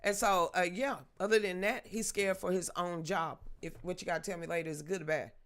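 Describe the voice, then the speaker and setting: A woman's voice: fairly low pitch, steady tone, a little fast. A woman hosting a live political commentary show from home, talking in a blunt, colloquial and emphatic way.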